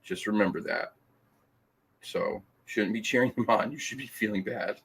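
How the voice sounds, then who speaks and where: A man's voice: on the low side, moderate pace, creaky, a bit bright, slight background noise. A man hosting a casual live stream, reading comments aloud, teasing and laughing often with stumbling restarts. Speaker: podcast host reading live chat.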